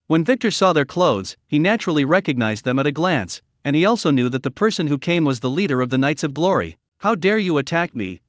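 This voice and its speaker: A man reading a scripted story recap in a steady, even storytelling manner. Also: fairly high pitch, no echo, studio quality. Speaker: recap narrator.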